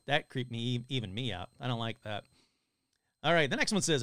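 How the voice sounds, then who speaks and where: A man's voice: medium pitch, brisk, no echo, clean studio sound. A man hosting a live stream, reading listener stories aloud and cracking jokes between them. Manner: animated, joking asides between stories.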